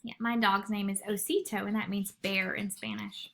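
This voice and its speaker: Bright, animated woman reading aloud. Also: medium pitch, normal speed, creaky. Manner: animated, expressive storyteller. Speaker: school librarian. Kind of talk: reading a picture book aloud to young children.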